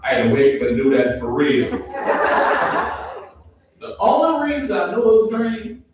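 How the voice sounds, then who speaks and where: A young man performing a stand-up comedy set, chatty and relaxed, with ums and asides to the audience. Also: sits high, moderate pace, a crowd in the background. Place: live comedy show in a venue. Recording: distant, very echoey room mic with faint noise.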